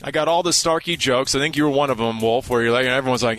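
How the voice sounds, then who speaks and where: A man's voice: mid-range voice, brisk, long pauses, pushed and bright. A man hosting sports talk radio, telling stories in a brash, jokey way.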